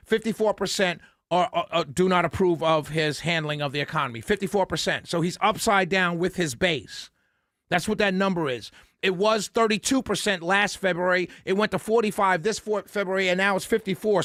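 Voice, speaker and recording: High-voiced man ranting in exasperation. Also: fairly bright tone, dry recording, studio quality. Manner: exasperated, incredulous, stammering repetitions, scoffing laughs. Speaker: political commentary host. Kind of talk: off-the-cuff political rant.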